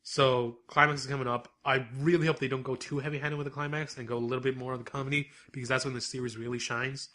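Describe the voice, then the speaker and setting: A man co-hosting a podcast, recapping anime episodes in casual, animated chat and laughing often. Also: mid-range voice, fast talker, few pauses. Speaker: podcast co-host.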